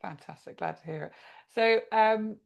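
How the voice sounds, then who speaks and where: A woman's voice: mid-range voice, moderate pace, creaky. A woman hosting a podcast who asks probing, encouraging questions. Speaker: podcast host. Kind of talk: podcast interview.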